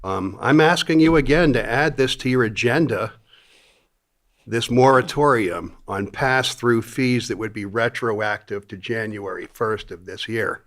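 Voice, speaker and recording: A man speaking at public comment in a county meeting, plain-spoken and a little halting as he appeals to the board. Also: mid-range voice, a bit bright. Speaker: public commenter, mobile home resident.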